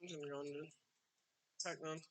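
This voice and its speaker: Streaming a card game live, a man keeps up casual chatter and talks to his opponent mid-play. His voice is fairly high and a bit bright, fast, with little pitch movement.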